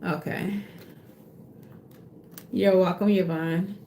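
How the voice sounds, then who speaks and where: Woman, tarot reader, gravelly, unhurried delivery. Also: lowish voice, fairly even intonation, warm tone, a little hiss or hum. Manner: casual, profane, laughs often, slips into playful voices. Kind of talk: casual tarot reading.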